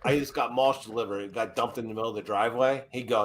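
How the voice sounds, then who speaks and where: Man in his 40s, mid-pitched, swearing storyteller, faint background hum. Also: racing, few pauses, fairly bright tone. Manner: profane, laughing storyteller. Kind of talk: casual podcast chat.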